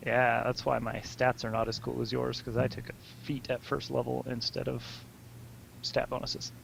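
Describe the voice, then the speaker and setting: A man chatting as a player in a tabletop game, rambling and stumbling over his words. His voice is gravelly, with a faint hiss behind it. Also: medium pitch, completely flat delivery, normal speed, fairly bright tone, rough recording. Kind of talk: casual tabletop game chat.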